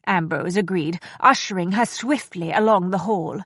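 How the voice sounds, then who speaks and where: A woman reading a novel aloud as an audiobook narrator, in a measured, even storytelling manner. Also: fairly low pitch, husky, no echo, studio quality. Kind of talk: scripted narration.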